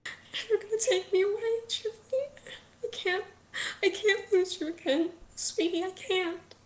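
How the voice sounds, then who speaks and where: A woman's voice: extremely high pitch, a little slow, roomy sound, pitched above the performer's own voice. A woman voicing a frightened, loving mother who pleads through tears in a tabletop game. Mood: sobbing, scared. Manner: tearful, pleading, tender.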